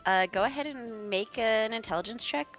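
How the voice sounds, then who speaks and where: A woman's voice: a little high, moderate pace, fairly bright tone, faint music behind. A woman running a tabletop game as game master, laughing often and hesitating with lots of ums.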